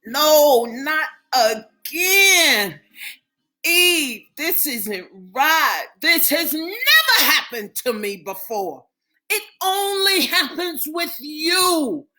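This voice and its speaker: A woman's voice: on the high side, lively intonation, slow pace, a bit bright. A woman reading a romance audiobook, voicing a grown man lover who pleads and prays with heavy emotion. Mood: distraught. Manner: emotional, pleading, breaking into cries.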